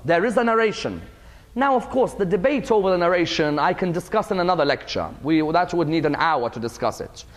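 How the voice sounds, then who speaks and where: Male lecturer with a higher voice, emphatic religious storyteller who repeats key phrases. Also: lively intonation, a little fast, long reverb tail.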